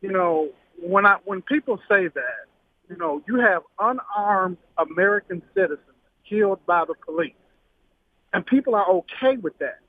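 Caller, man with a high voice, insistent and earnest, tinny phone line. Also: animated, normal speed. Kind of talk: call-in radio comment.

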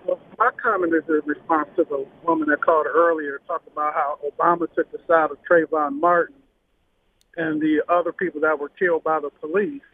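Caller, man with a high voice, insistent and earnest, tinny phone line. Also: flat delivery, a little fast, slightly rough. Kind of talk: call-in radio comment.

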